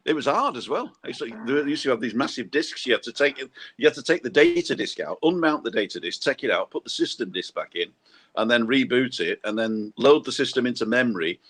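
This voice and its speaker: A man's voice: medium pitch, a bit bright. An older man hosting a casual chat, telling long rambling anecdotes. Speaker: podcast host.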